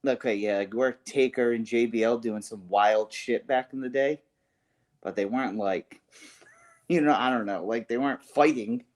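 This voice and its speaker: A man's voice: medium pitch, moderate pace, darkish tone. A man co-hosting a wrestling podcast in casual chat, rambling with lots of "like" and slang such as "bro" and "yo". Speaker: podcast co-host.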